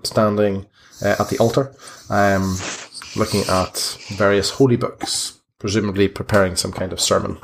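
A man's voice: lowish voice, a little hiss or hum. A man narrating as game master of a tabletop game, hesitant and full of restarts. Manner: hesitant, many fillers and restarts.

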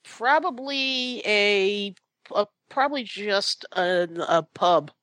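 Hesitant woman player, halting speech. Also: mid-range voice, a bit bright. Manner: hesitant, halting, full of restarts. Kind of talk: casual tabletop play.

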